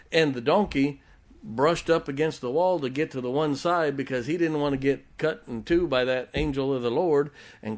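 A man preaching a sermon, retelling a Bible story in a folksy way and chuckling often as he goes. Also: fairly high pitch.

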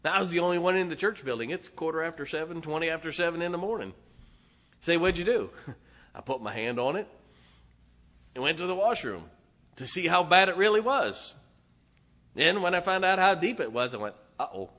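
A middle-aged man, a pastor telling a folksy, animated story to his congregation with laughs and asides. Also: a little high, a little fast, long pauses. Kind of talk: storytelling sermon. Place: church sanctuary.

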